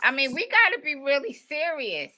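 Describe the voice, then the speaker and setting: A woman hosting a radio interview, speaking in with expressive affirming interjections. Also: high-pitched, moderate pace, a little hiss or hum. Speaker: radio host.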